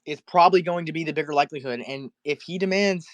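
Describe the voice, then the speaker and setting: A man with a fairly high voice calls in to a live fan discussion. He lays out his points in a measured, analytical way with the occasional soft filler, and his sound is close and dry. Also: no echo, muffled recording. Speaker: caller, fan content creator. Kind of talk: casual call-in discussion.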